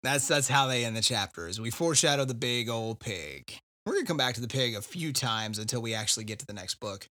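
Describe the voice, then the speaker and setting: A man's voice: mid-range voice, expressive, quick pace, few pauses, bright, forceful tone, dry recording. Chatty man recapping a book, dry sound. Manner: wry, chatty, recaps with asides. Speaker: podcast host. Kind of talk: casual book discussion.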